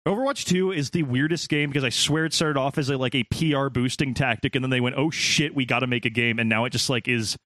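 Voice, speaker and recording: A man's voice: medium pitch, quick pace, few pauses, fairly bright tone, no room sound. Rambling, laughing man in casual gaming chat. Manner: rambling, swearing, frequent laughter.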